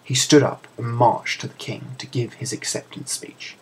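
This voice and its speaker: A British-accented man tells a comic tale in a soothing, mock-grand deadpan. His voice is husky and rough-edged, with a steady, measured delivery. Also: mid-range voice, poor audio. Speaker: storyteller. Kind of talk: comedic story narration.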